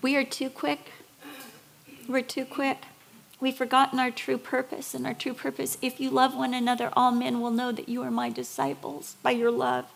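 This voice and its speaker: A middle-aged woman delivers a sermon with a gravelly, creaky edge to her voice. Her pitch sits a little high for a woman. She tells stories with feeling and hammers home her points with emphatic repetition. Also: normal speed. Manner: emotional storytelling, building to emphatic repetition. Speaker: preacher.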